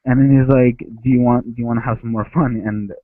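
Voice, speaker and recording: An Ecuadorian man on a headset calls in to share a childhood story, rambling and restarting frequently. He talks fast in a mid-range voice with fairly even intonation, and the recording is dry and tinny, like a phone line.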